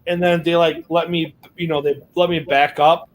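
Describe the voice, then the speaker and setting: An American podcast co-host tells a long, rambling story in casual chat, packed with fillers and swearing. His fairly high voice stays flat and moves at a moderate pace.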